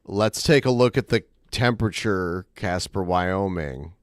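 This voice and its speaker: A man's voice: deep voice, a little slow, no echo. A male co-host giving dry, matter-of-fact remarks in casual chat.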